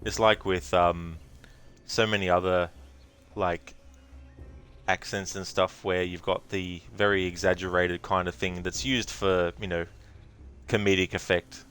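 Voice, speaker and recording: A man's voice: sits low, flat delivery, unhurried, a bit bright, clean tone. A man streaming a video game, chatting in a rambling way and laughing easily. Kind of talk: casual gameplay commentary.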